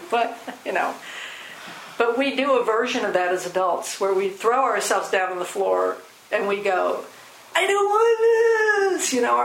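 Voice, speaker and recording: A woman's voice: medium pitch, vocal fry. Woman musing aloud in a roomy hall. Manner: thoughtful, rambling, many fillers and restarts. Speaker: discussion group leader. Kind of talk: reflective group discussion. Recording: roomy echo, faint background hiss.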